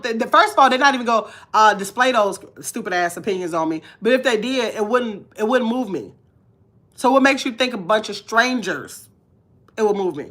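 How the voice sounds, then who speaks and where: A woman's voice: on the high side, fairly bright tone. A woman vlogging live to her chat in casual talk, blunt and emphatic, repeating her points.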